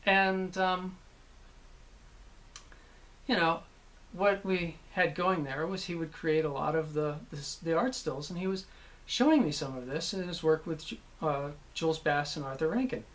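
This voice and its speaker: A man, a voice actor, casually recalling his work, rambling with many pauses and restarts. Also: on the high side, a bit bright. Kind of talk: casual anecdotal talk.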